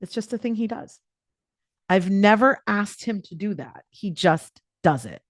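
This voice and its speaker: A woman coach talks through a live online session in a loose, playful, chatty way, full of fillers and asides. Her voice sits at a middle pitch for a woman. The sound is dry and close, with no room echo. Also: animated, unhurried. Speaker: life coach.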